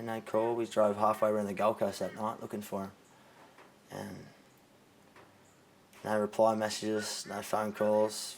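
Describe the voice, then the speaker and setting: A young Australian man telling a personal story in an interview, halting and often dropping quiet. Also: lowish voice, slight background noise, low-quality recording. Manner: halting, many restarts, drops to quiet when moved. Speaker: interviewee, charity co-founder.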